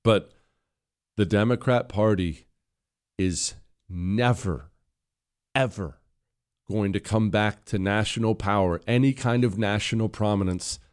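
A man's voice: lowish voice, a little slow, pauses often, clear, resonant tone. A man hosting a political commentary show, scornful and emphatic with sarcastic asides. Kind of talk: opinion commentary.

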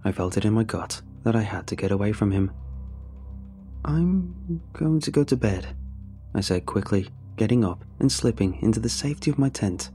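Man, horror story narrator, measured first-person telling, dark mellow tone, faint music behind. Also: on the low side.

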